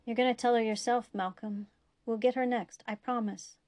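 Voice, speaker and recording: A woman's voice: fairly high pitch, fairly even intonation, moderate pace, a little mellow, close to an everyday voice. Lady reading a scared guy engineer begging his buddy to hang on. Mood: pleading. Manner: pleading, urgent. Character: worried male engineer cradling a dying friend.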